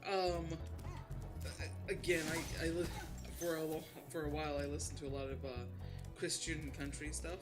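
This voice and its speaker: A young man chatting over a video game with a friend, speaking calmly and measuredly with frequent ums and uhs. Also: fairly high pitch. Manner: calm, measured, lots of um and uh. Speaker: let's-play co-host. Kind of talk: casual gaming chat. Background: game music.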